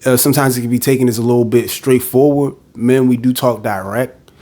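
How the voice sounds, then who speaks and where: A man's voice: mid-range voice, fairly even intonation, a little fast, warm tone. Blunt, direct man venting on a podcast. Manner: blunt and direct, acts out quoted voices. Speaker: podcast host. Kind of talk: casual monologue.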